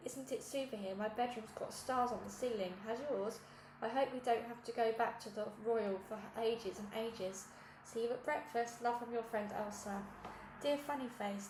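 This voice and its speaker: A woman reading a children's book aloud, telling the story in a lively way with small slips and self-corrections. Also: a little high, roomy sound, noisy background. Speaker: audiobook reader.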